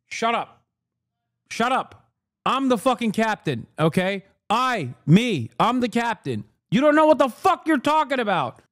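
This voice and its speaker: A man in his thirties rants on a live stream, brash, sarcastic and profane. His voice sits fairly high. The mic is close and dry, with no room echo. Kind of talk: casual profane livestream rant.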